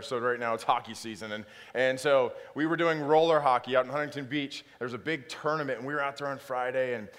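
A male pastor telling a self-deprecating story in a sermon, animated and swinging into loud exaggerated outbursts. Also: mid-range voice. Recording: long hall reverb.

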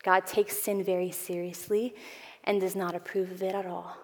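A woman giving an earnest Bible teaching to a women's group, swelling for emphasis and dropping to soft asides. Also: lowish voice, flat delivery, moderate pace. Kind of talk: sermon. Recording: long hall reverb.

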